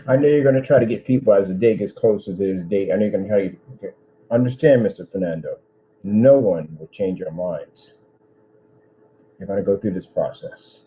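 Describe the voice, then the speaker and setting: A man's voice: sits low, a little fast, warm tone, a little hiss or hum, low-quality recording. A man running his own business, ranting in a vlog with indignant threats aimed at one person. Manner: repetitive, addresses one person directly. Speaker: business owner.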